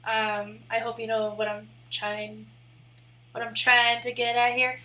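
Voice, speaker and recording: Bright, giggly young woman rambling. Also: fairly high pitch, completely flat delivery, a little slow. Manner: rambling and giggly, heavy use of "like". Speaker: live streamer and photographer. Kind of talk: casual chat on a live stream.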